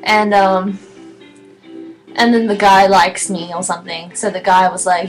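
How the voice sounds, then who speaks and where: A woman in her twenties chatting casually on her live stream, excitable, giggly and rambling. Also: mid-range voice, a little slow, faint music behind, low-quality recording. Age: 20s.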